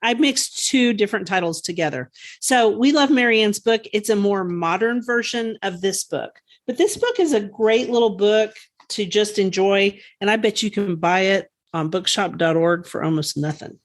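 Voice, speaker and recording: A woman co-hosting a gardening podcast, chatting casually and enthusiastically, quick to laugh. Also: mid-range voice, lively intonation. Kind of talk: casual chat.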